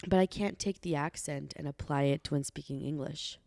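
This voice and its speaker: A chatty American woman co-hosting a podcast, her voice sitting a little low. She loads her sentences with "like" and keeps things loose. Bosnian is her home language, and the recording is dry and close. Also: moderate pace, creaky, darkish tone, dry recording. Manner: chatty, full of "like" fillers. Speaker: podcast co-host. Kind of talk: casual chat.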